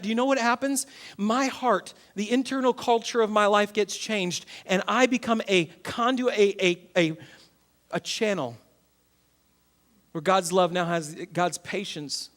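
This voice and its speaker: Male pastor, 30s, high-pitched, animated sermon delivery with big dynamic swings. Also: moderate pace. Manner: animated, swings from loud to quiet.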